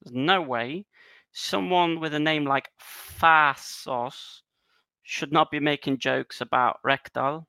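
A man's voice: fairly high pitch, slow, vocal fry, bright, forceful tone, clean tone, no room sound. A man co-hosting a casual football podcast, joking and laughing often as he talks through the week's news. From Cyprus. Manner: jokey, laughs often, punning. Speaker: podcast co-host.

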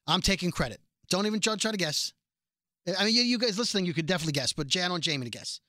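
A man's voice: sits high, lively intonation, racing, sharp tone, no room sound, studio quality. A man hosting a podcast, chatting casually in a rambling, self-correcting storytelling way. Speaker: podcast host. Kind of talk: casual chat.

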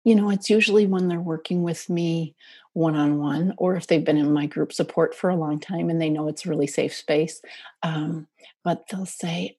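A woman's voice: low voice, steady tone, moderate pace, a little mellow, slightly rough, dry recording. A middle-aged woman, a parent coach, answering interview questions earnestly and sometimes sinking to a near whisper. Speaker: parent coach for eating disorder families. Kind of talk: podcast interview.

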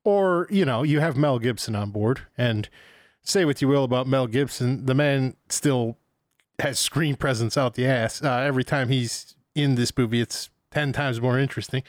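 A man's voice: mid-range voice, normal speed, no echo, studio quality. A man casually reviewing a movie as podcast co-host, rambling and exasperated, swearing freely.

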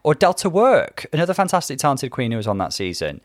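A man hosting a podcast, his voice at an ordinary pitch for a man. He walks through past events in a chatty, gossipy way, and the sound is close and dry. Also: wildly swooping pitch, fast talker, no echo. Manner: chatty, gossipy, explaining at length. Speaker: podcast host. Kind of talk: casual chat.

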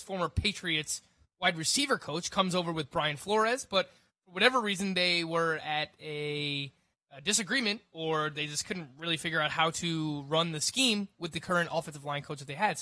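Bright high-voiced sports radio analyst. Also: male voice, dry recording. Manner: quick, chatty analysis with restarts and laughs. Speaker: fantasy sports radio co-host.

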